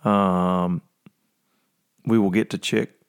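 A man's voice: low voice, steady tone, slow, clear, resonant tone. A man hosting a podcast in casual chat, rambling and joking with many fillers, in his early morning voice. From Tennessee. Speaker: podcast host.

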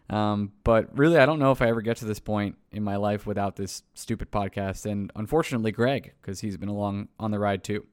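This New York podcast host sounds worn out at a late hour, speaking in a lowish, steady voice that moves fairly quickly and smoothly with few pauses. Wrapping up the show, he wanders off track and laughs at himself each time a name trips him up.

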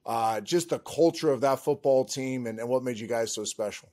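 A man's voice: medium pitch, normal speed, mellow. A man hosting an interview, speaking in a conversational way with fillers like "um". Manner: conversational, fillers and throat clearing. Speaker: podcast host.

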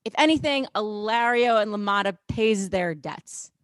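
A woman's voice: mid-range voice, moderate pace, no echo. A young woman co-hosting a casual podcast, chatty and teasing. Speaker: podcast co-host.

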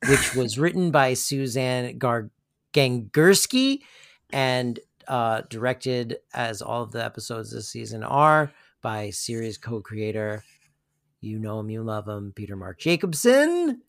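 A man's voice: medium pitch, sing-song, a little slow, gravelly, fairly bright tone. A man co-hosting a podcast, introducing the episode and chatting casually, playful, with the odd announcer impression. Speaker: podcast co-host. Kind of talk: casual recap chat.

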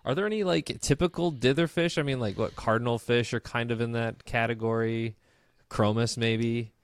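A man's voice: mid-range voice, steady tone, moderate pace, clean tone, no echo. A man co-hosting a podcast, laid back and dry, reading listener comments in casual chat. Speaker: podcast co-host.

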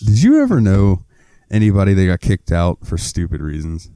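A man's voice: deep voice, huge pitch swings, normal speed, dark tone, clean tone, no echo, clean studio sound. A man co-hosting a casual podcast, telling a rambling, laid-back story. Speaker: podcast co-host. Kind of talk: casual chat.

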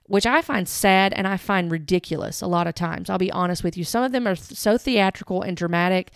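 A woman's voice: medium pitch, a little fast, hardly any pauses, smooth, dry recording, studio quality. A woman giving earnest, direct commentary, stressing key words as she talks it through. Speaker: Christian commentator. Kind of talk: earnest commentary with read-aloud quotes.

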